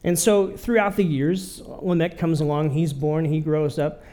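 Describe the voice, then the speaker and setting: A man's voice: fairly high pitch, steady tone, a little slow, dark tone. A man preaching a sermon in a conversational way, often checking in with his listeners. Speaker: pastor.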